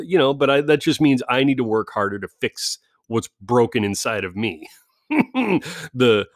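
A man's voice: on the low side, dry recording, clean studio sound. A man in his forties telling a rambling, self-deprecating story in casual vlog chat, laughing often. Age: 40s. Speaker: vlogger.

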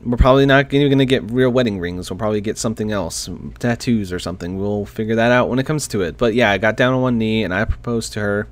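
A man's voice: fairly low pitch, fast talker, few pauses. Chatty young man telling a story. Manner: chatty, laughs often, self-deprecating. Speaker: vlogger. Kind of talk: casual storytelling to camera. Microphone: desk microphone.

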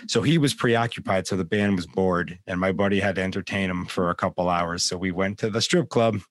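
A man's voice: sits low, brisk, no echo. A man co-hosting a podcast in casual chat, tossing in dry, teasing remarks and telling a short story. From United States. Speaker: podcast co-host.

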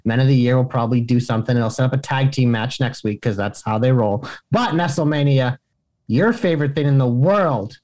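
A man's voice: medium pitch, a little fast, darkish tone. Teasing man cracking dry jokes. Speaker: podcast co-host. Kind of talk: casual wrestling chat.

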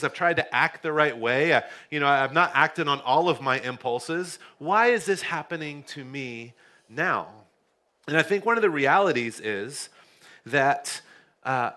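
A man's voice: mid-range voice, sharp tone. A young adult man, a pastor, giving a sermon with casual, self-deprecating storytelling.

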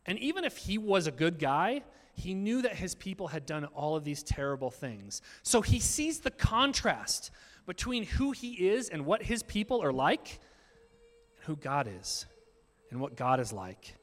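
Animated preaching man in a reverberant hall. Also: high voice, a little slow. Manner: animated, conversational preaching with asides to the congregation. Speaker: pastor. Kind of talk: sermon.

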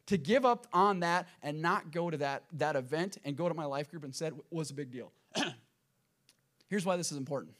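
A man's voice: on the high side, lively intonation, normal speed, fairly bright tone. A middle-aged male pastor, preaching a sermon from a church sanctuary and telling a personal story with earnest, emphatic repetition.

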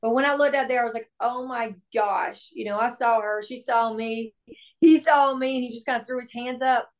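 A young adult woman, a country singer-songwriter, telling stories in a casual interview with animated, exclamatory delivery and acted-out dialogue. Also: on the high side, fairly quick.

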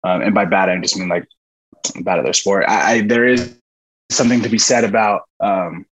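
A man's voice: deep voice, moderate pace, a bit bright, slight background noise, rough recording. A young man, a former college football player, chatting as a podcast guest and telling rambling stories with fillers and laughs. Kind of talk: casual storytelling chat.

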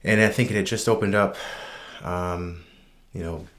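Deep-voiced man recounting a personal story offhand, unscripted, sincere. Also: moderate pace. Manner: relaxed, unscripted, frequent ums and restarts; reflective, earnest. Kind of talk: casual personal anecdote.

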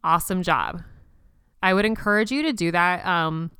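A young woman hosting a personal podcast, speaking gently and reassuringly as she leads listeners through a slow counted breathing exercise. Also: on the low side, clean tone, no room sound, clean studio sound. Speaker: podcast host.

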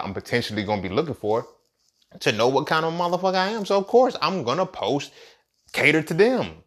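A young man hosting a solo podcast, rambling and sarcastic, with plenty of swearing and pitch swings between loud outbursts and low mutters. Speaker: podcast host. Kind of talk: casual solo podcast rant.

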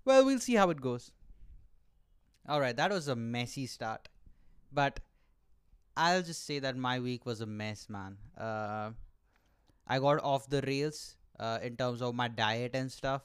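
A young man talks straight into his camera in a loose, comic monologue. His pitch leaps about, and his voice stays smooth and clear. He curses freely and jokes at his own expense. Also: unhurried, pauses often. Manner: animated and profane, with self-mocking jokes. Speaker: podcast host. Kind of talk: solo comedic podcast monologue. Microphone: camera mic.

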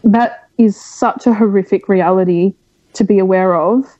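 Guest: young woman from Australia, candid interview, mellow dry voice, animated storyteller. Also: mid-range voice, moderate pace, dry recording, dull audio. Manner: frank, animated storytelling with many fillers. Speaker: podcast guest.

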